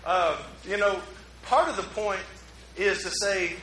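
A man preaching a relaxed, conversational sermon as pastor, joking at his own expense and drawing in the congregation. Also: high-pitched, normal speed, a little hiss or hum. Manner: joking, self-mocking, talks with the congregation. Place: church. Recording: roomy hall echo.

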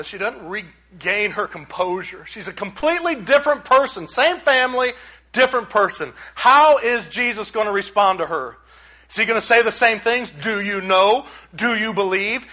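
A man's voice: very high-pitched, bright, forceful tone, low-quality recording. A male pastor preaching a sermon in a conversational, emphatic way full of rhetorical questions.

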